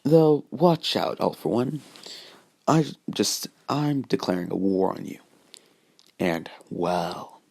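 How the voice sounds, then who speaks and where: A man voicing a cold, cocky, ageless young hero, gravelly. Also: lowish voice, a little mellow, full character voice. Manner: loose, halting quoted dialogue.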